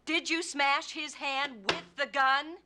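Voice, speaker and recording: A woman's voice: sits high, fairly even intonation, takes it slowly, noisy background. An actress playing a female prosecutor cross-examining a defendant with pointed, probing questions in a TV movie courtroom drama. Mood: pressing. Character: sharp, relentless female prosecutor.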